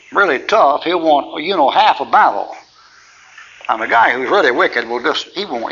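A man's voice: a little high, pushed and bright, dull audio. A man preaching in a folksy, rambling way, teaching through anecdotes and chuckling often.

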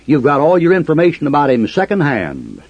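A man's voice: fairly high pitch, wildly swooping pitch, fairly quick, husky, no room sound. A man preaching a fiery sermon in a combative way, firing rhetorical questions at his listeners. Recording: muffled lo-fi recording.

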